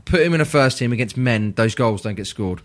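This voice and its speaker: An English man, a regular pundit on a football podcast, chatting casually and telling animated stories. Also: medium pitch. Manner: animated storyteller, quick and chatty. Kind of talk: casual chat.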